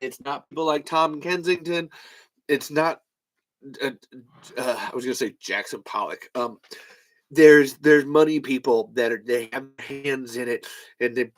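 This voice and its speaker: A man's voice: medium pitch, a little slow, poor audio. A man hosting a podcast in casual chat, rambling and swearing freely. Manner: rambling, profane. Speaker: podcast host.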